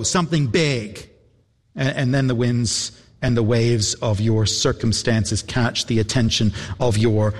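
A man preaching a sermon, earnest and reflective, repeating phrases and pausing for effect. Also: medium pitch. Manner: earnest, reflective, with repetitions and dramatic pauses. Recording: long hall reverb.

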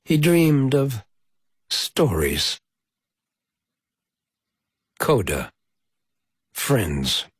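A man narrates a children's story at a very unhurried pace. His voice is husky and breathy. The recording is dry and close, with no room sound. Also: mid-range voice, very animated, dry recording. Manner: slow, gentle and measured. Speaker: storybook reader. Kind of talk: reading a children's story aloud.

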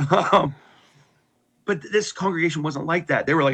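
Casting: middle-aged man with a husky voice, candid and unpolished, sharing a hard personal story. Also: on the high side, measured pace, a bit bright. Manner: candid, with frequent restarts and wry laughs. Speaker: guest telling his conversion story.

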